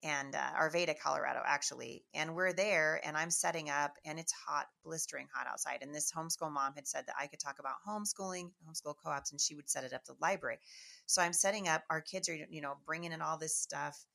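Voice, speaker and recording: A middle-aged woman from Washington State, a Christian speaker telling a lively personal testimony to an audience with chatty restarts. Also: sits low, fast talker, vocal fry. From Washington State, USA. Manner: chatty, animated storyteller with frequent restarts. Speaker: Christian speaker and homeschool teacher.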